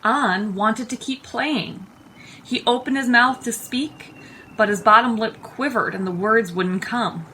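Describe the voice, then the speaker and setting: A woman teacher reading a children's picture book aloud, expressive and unhurried. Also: on the high side, slight background noise, rough recording. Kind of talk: storytime read-aloud.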